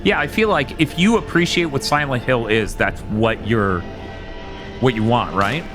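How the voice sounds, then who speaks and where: A man's voice: medium pitch, moderate pace, music in the background. A man co-hosting a live game stream, chatting casually in a rambling way and swearing now and then. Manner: rambling, swearing, loose storytelling. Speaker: streamer co-host.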